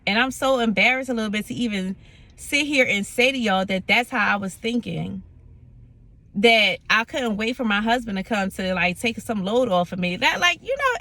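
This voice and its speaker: Animated, bright-voiced woman telling a story. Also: fairly high pitch, no room sound. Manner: animated, dramatic, acts out voices in her stories; laughing, self-mocking. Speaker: vlogger sharing a faith testimony. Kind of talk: casual storytelling to camera.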